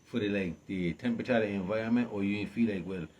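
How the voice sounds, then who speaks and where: A man with a lowish voice who asks his questions haltingly, restarting as he feels for the words. A faint hiss runs under the recording. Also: fairly even intonation, darkish tone. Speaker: interviewer. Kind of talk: casual interview.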